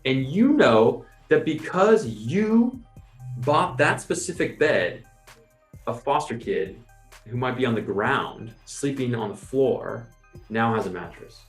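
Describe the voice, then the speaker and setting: A man's voice: mid-range voice, takes it slowly. Man, podcast host, casual storytelling, quotes imagined people, echoey room, faint music behind. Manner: animated, explains with imagined scenes and quoted asides.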